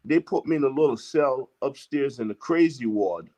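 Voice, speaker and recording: In a warm, expressive, mid-range voice at normal speed, a guest from Jamaica recounts a long tale in casual, cursing conversation. He is emphatic and plays out the dialogue of the story's characters himself.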